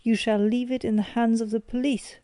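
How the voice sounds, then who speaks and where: A woman voicing an older male banker who shouts furious accusations at his son. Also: a little high, little pitch movement, fairly quick, no room sound, close to an everyday voice. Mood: bitter.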